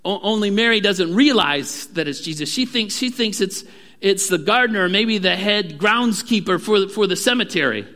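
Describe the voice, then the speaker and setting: A man preaching a sermon with earnest emphasis, sometimes dropping to a hushed voice. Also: sits high, expressive, normal speed. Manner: earnest preaching, drops to a hushed voice at key moments. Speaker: pastor. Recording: long hall reverb.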